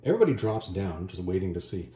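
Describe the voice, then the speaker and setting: Man, middle-aged, lively fast retelling, mellow low voice, roomy dull recording. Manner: animated storyteller, voicing characters in quick asides. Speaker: YouTube book and comic reviewer. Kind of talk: casual retelling of a comic story.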